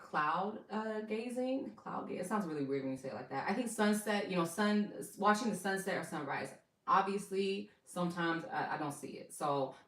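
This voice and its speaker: A woman's voice: fairly low pitch, a bit bright, roomy sound, far from the mic, low-quality recording. A young adult woman giving casual wellness advice to her viewers in a chatty, rambling way, calling them y'all. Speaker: wellness vlogger.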